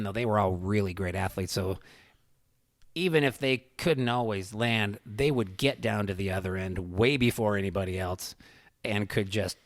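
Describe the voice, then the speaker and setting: Guy rambling thru a story, lots of "you know", swears, lowish voice, dry close mic. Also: no echo. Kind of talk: casual storytelling chat.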